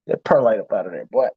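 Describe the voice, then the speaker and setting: A man hosting a casual chat and telling animated, slang-heavy stories, acting out the people he quotes. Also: lowish voice, breathy edge, dry recording. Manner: animated storytelling, slangy and profane, acts out quoted voices. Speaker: host. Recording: dull, lo-fi stream audio.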